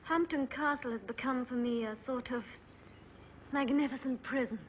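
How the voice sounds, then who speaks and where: An actress playing a fragile, anxious aristocratic wife in dubbed film dialogue, pleading and nervous. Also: female voice, high voice, normal speed, slight background noise, close to an everyday voice. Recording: dull old film soundtrack.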